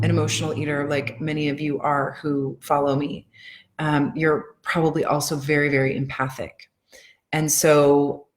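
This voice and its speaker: A woman leading a tapping session, speaking gentle affirmations slowly and soothingly, then talking earnestly and warmly to her live audience. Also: low voice. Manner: earnest, heartfelt. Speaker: EFT tapping coach. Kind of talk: casual live-stream talk.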